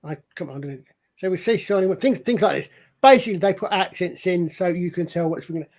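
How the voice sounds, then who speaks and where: A man's voice: high-pitched, fairly quick, a little mellow. A man co-hosting a casual chat show, explaining things at length in a rambling, storytelling way. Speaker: podcast co-host.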